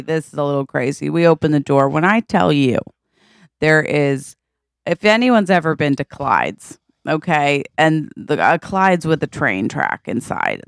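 A woman's voice: low-pitched, smooth, dry recording, clean studio sound. A woman co-hosting a podcast, reacting playfully and then taking over a made-up story. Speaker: podcast co-host. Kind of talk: casual chat.

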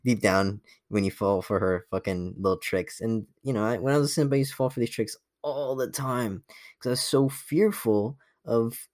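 A young man hosts a podcast and tells a boastful dating story, cocky, profane and laughing as he goes. His voice sits fairly low with a darkish tone, delivered at a normal speed. The recording is studio quality with no room sound.

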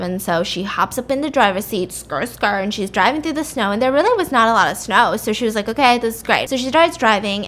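A woman's voice: mid-range voice, slight background noise. A woman host retelling a story in a chatty, casual way, full of "like" and asides. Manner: chatty, lots of "like", animated retelling. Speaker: podcast host.

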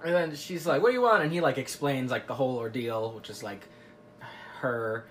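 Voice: mid-range voice, fairly even intonation, normal speed, fairly bright tone, slight background noise. A podcast host recapping a story in casual chat, rambling and giggling, full of filler words.

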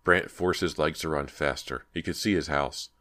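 A man reading a horror audiobook in a steady, measured way. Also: a bass voice. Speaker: audiobook narrator. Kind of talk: scripted horror narration.

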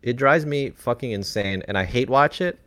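A man hosting a podcast, telling stories in a lively casual way, swearing and acting out other people's voices. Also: mid-range voice, moderate pace, dry recording. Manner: animated storytelling, swears, acts out voices.

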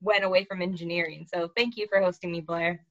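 A woman's voice: on the low side, steady tone, fast talker, fairly bright tone. Rambling woman author, slightly muffled. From La Jolla, California. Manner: rambling, searching for words. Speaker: author and guest. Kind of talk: casual interview chat.

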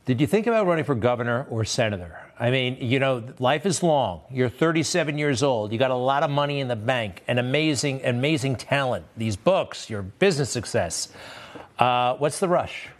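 Male news host, conversational questioning, easygoing manner, mid-pitched voice. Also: animated, normal speed. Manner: casual, conversational questioning with fillers. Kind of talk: TV news interview.

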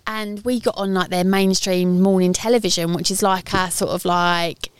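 A chatty woman co-hosting a casual podcast, rambling through her stories with plenty of fillers. Her voice is smooth and clear, recorded outdoors in a garden. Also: lowish voice, little pitch movement, moderate pace, no echo. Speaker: podcast co-host. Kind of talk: casual chat.

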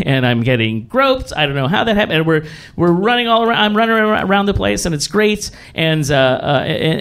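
A young man telling a comic personal story, animated and self-mocking, his pitch jumping up and down. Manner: animated, self-mocking, swings between high and low pitch.

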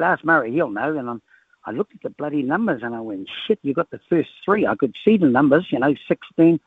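Radio caller, New Zealand man, husky slightly high voice, muffled phone line, rambling yarn-teller. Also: dry recording. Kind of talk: telling a story on a phone call.

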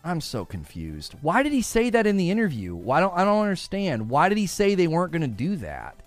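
A man's voice: a little high, wildly swooping pitch, fairly quick, soft background music. A man streaming live, grumbling in exasperation and repeating himself as he rants about gaming news.

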